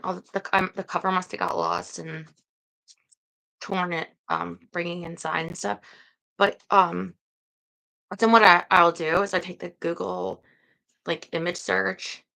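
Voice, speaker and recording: A woman's voice: lowish voice, vocal fry, sharp tone, rough recording. A woman hosting a book-reading livestream, chatting casually to viewers in a rambling, hesitant way with many fillers.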